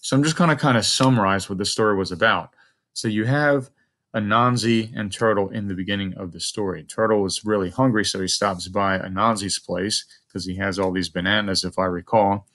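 A man's voice: fairly low pitch, steady tone, fairly quick, a bit bright. A male teacher reading a story aloud to children, thinking aloud and asking the listener questions as he models a close read.

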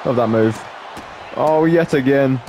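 A man chatting through a wrestling game in casual let's-play style, joking and often laughing. His pitch is ordinary for a man. Clear game noise plays behind him. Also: a little slow. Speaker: gameplay commentator.

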